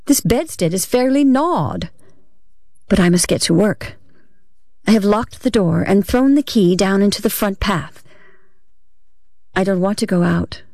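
A woman giving a measured, expressive audiobook reading of a first-person literary story. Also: medium pitch, vocal fry, no echo, studio quality. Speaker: reader.

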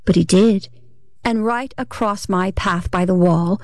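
A woman's voice: mid-range voice, unhurried, darkish tone, dry recording, studio quality. A woman reading a first-person story aloud, in a dramatic, unsettled manner with a shifting tempo. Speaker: reader.

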